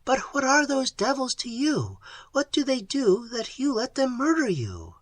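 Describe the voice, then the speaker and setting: A spirited young woman explorer speaks earnestly, voiced by a man reading aloud. Her lines sit higher and swing widely in pitch. The sound is dry and close, slightly husky. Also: very animated, a little slow, dry recording, full character voice. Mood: distressed. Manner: earnest, emotional pleading. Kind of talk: audiobook character reading.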